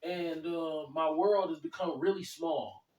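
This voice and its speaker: A man chatting casually, animated and profane, acting out other people's lines as he tells stories. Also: a little high, a little slow. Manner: animated, quotes others in put-on voices, swears freely. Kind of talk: casual storytelling chat. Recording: echoey room from a distance.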